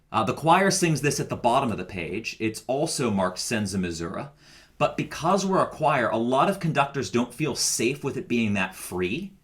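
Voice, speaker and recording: A choir director, a man with a medium-pitched voice, talks singers through a score in a recorded rehearsal. He explains step by step, calm and methodical.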